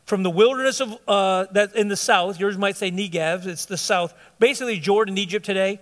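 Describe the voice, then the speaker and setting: A man's voice: sits high, brisk, fairly bright tone. A man, a visiting pastor, preaching an informal sermon to a congregation, joking with them and correcting himself as he goes. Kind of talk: conversational sermon. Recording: long hall reverb.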